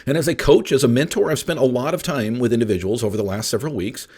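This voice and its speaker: Fast-talking and mid-range, his voice is a little mellow with a slight roughness. He's a middle-aged appraisal coach hosting a solo podcast, blunt and emphatic as he speaks right to his audience.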